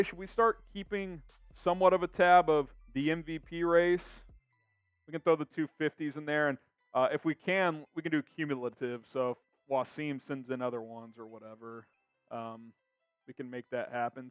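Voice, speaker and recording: A man's voice: fairly high pitch, fairly even intonation, normal speed, smooth, no room sound, faint music behind. Upbeat male live-stream host, dry close sound. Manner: upbeat, reads viewer comments aloud. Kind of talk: casual live-stream chat.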